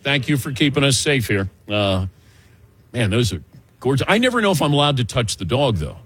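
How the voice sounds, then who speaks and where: An older man hosting a casual sports talk show, telling animated stories and laughing often. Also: mid-range voice, fairly quick, slightly rough, dry recording. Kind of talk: casual sports radio chat.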